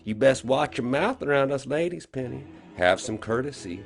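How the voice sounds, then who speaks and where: A man voicing a slow, confident country schoolgirl with a rural Southern accent, sly and teasing. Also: medium pitch, expressive, creaky, soft background music, voice pushed up. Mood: taunting. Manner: drawling, teasing, quietly menacing.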